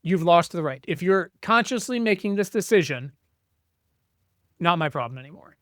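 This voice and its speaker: A man's voice: high-pitched, expressive, normal speed, fairly bright tone, dry recording, studio quality. A middle-aged man, co-hosting a podcast in casual chat, ranting with plenty of swearing and acting out his family's lines. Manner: ranting, profane, acts out family members' voices. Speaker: podcast co-host.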